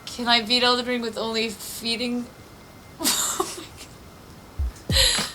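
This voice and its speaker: A woman's voice: a little high, slow, noisy background. A woman streaming a video game from her apartment, chatting casually, laughing often and swearing freely as she thinks aloud. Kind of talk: casual live-stream chat while playing. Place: apartment room.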